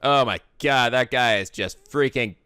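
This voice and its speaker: Goofy let's play guy, bright lively voice, dry close mic. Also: medium pitch, a little slow, smooth, dry recording. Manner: goofy, excitable, swears. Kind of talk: game commentary.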